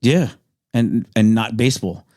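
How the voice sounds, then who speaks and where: A man's voice: mid-range voice, measured pace, dark tone. A tired male stand-up comedian in casual podcast banter. He spins playful absurd stories and laughs often. His voice is close on a studio mic.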